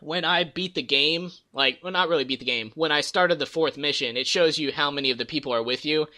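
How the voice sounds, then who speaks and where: Podcast host, male, bright and forceful tone, chatty storyteller who mimics game characters. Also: fairly high pitch, brisk. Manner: rambling storyteller, acts out game characters' lines. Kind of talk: casual gaming chat.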